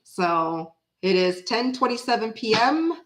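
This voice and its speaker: A woman's voice: fairly high pitch, expressive, unhurried, fairly bright tone. A woman from Canada chatting casually with viewers on a tarot livestream, tired and with a headache, addressing people by name and laughing often.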